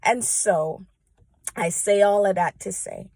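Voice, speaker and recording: Woman giving a heartfelt devotional talk, earnest and chatty, mid-pitched, dry sound. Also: slow, a little mellow, no room sound. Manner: earnest, heartfelt, conversational with frequent "right?". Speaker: church praise team member sharing encouragement. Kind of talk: personal devotional talk to camera.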